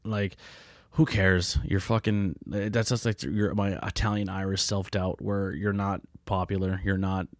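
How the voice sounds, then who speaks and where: A man's voice: sits low, flat delivery, a little slow, no echo, clean studio sound. A man in his late thirties hosting a solo podcast, talking candidly in a blunt, profane, heartfelt and rambling way. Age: late 30s. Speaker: podcast host.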